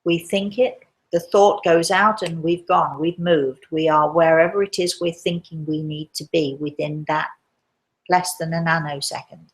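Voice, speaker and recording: A woman hosting a live show as a medium, gently reassuring listeners and calling them darling. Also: low-pitched, fairly even intonation, unhurried.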